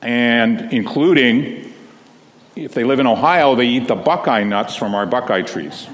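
A man, a minister, tells a children's story to a congregation in a gentle, slow storytelling manner, speaking to the children. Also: mid-range voice. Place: large church sanctuary. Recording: long reverb of a big hall.

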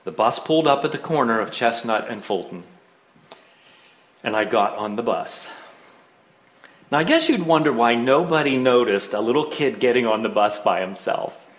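A middle-aged man spins a childhood tale with wry, self-mocking humor. His voice moves lively up and down through the telling, at a middling pitch. A roomy echo surrounds him. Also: normal speed. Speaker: storyteller. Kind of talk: personal storytelling.

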